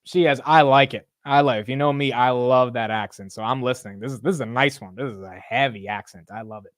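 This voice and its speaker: Excitable, slangy male market host. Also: mid-range voice, a little fast, no room sound, clean studio sound. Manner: excitable, slangy, swears freely. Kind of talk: casual market commentary.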